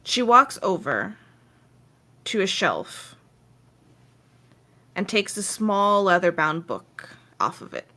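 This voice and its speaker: A woman's voice: mid-range voice, sing-song, takes it slowly, pauses often, sharp tone. A woman narrating as game master, describing scenes in detail and correcting herself as she goes.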